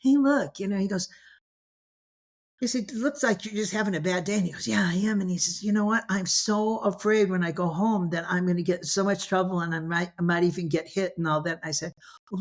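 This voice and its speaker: An older woman with a slightly low voice tells stories on an interview show. She rambles from one thought to the next, peppering her talk with "you know" and restarting her sentences. She slips into the voices of the people she quotes. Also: steady tone, fast. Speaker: guest. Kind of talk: casual interview storytelling.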